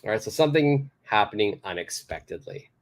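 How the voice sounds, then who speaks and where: This man's voice is lowish, expressive and brisk. Originally from Canada, he teaches English idioms live online from his Tokyo home studio, explaining with patience and repeating key expressions.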